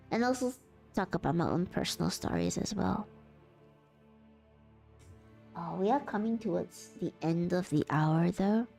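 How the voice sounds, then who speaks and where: A woman streamer at home, talking to her chat and narrating a story in a slow, steady voice. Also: medium pitch, creaky. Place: at home, sitting on the floor.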